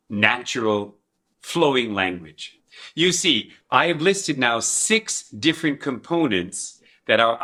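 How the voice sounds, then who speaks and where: A man's voice: medium pitch, sharp tone. A man explaining a teaching method in a lecture, asking rhetorical questions and demonstrating with babbled and sung syllables. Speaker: educator presenting a teaching method.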